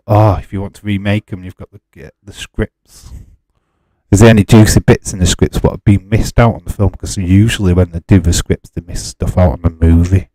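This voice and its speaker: A man's voice: low-pitched, mellow, dry recording. A man hosting a live stream, chatting casually with his viewers and arguing with them in an exasperated way, laughing often.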